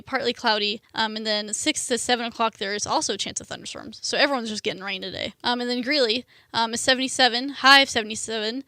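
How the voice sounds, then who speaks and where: A woman's voice: a little high, bright, forceful tone, dry recording. A young adult woman hosting a student radio show, talking casually with lots of fillers like "like" and "um". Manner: chatty, lots of "like" and "um".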